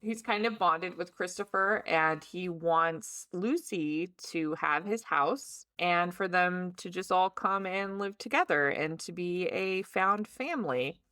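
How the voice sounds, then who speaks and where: A woman co-hosting a book club podcast, summarizing the plot in relaxed, casual conversation. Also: fairly low pitch, takes it slowly, hardly any pauses, no room sound.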